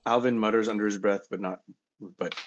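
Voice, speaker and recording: A man's voice: lowish voice, steady tone, brisk, lo-fi sound. A man playing a tabletop game, making wry, joking quips. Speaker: player. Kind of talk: casual tabletop play.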